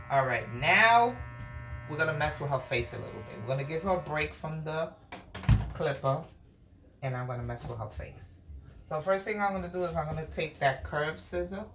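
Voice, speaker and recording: A woman's voice: low voice, fairly bright tone, slight background noise. A woman chatting casually while grooming her dog, coaxing and fussing at her and explaining each step. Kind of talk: casual grooming commentary and instructions. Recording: echoey room with music.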